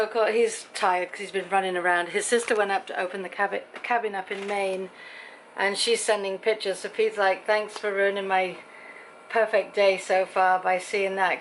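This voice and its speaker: Middle-aged woman, home vlogger, chatty and rambling, mid-pitched voice, faint background hiss. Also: level tone, normal speed, rough recording. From Britain. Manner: chatty, rambling storyteller acting out quoted voices. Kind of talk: casual chatty vlog.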